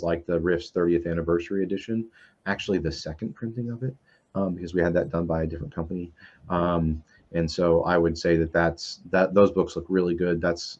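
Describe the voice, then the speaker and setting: A man's voice: low-pitched, a little mellow. Sex: man. Role: publisher guest on a stream panel. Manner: hesitant, restarts often. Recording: dull lo-fi video call audio. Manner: hesitant, many fillers, self-interrupting. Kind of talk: casual panel chat on a livestream.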